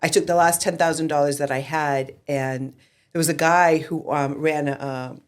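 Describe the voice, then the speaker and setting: A woman's voice: sits low, steady tone, moderate pace, clear, resonant tone. A woman in her forties, the guest of an interview, telling her story candidly and animatedly, swearing freely. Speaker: real estate team founder, guest.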